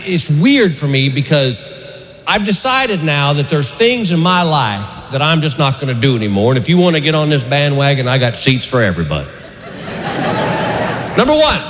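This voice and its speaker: A man's voice: on the high side, big-room sound. A man doing a stand-up set, telling exasperated, folksy stories. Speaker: stand-up comedian. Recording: live club set with loud crowd and noise. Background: audience laughter.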